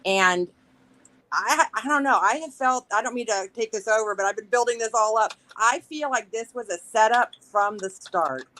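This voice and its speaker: A woman's voice: a little high, normal speed, fairly bright tone, poor audio. A woman calling in to a live talk show, speaking in an emotional, rambling and insistent way. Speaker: caller. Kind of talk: casual call-in chat.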